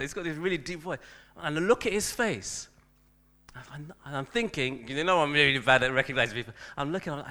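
A man's voice: on the high side, brisk, pushed and bright. A man, a teacher, telling a self-deprecating story in a church talk, with frequent restarts.

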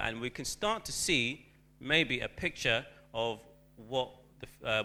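A man's voice: mid-range voice, bright, forceful tone. A man preaching a sermon, talking loosely and hesitantly with lots of ums and uhs. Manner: rambling, hesitant with many fillers.

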